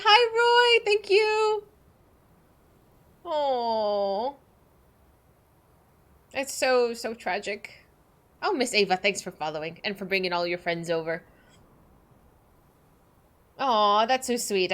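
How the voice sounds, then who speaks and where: A young woman streaming a game, chatting bubbly and giggly with her viewers. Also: medium pitch. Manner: bubbly, giggly, greets chat warmly. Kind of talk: casual livestream chat.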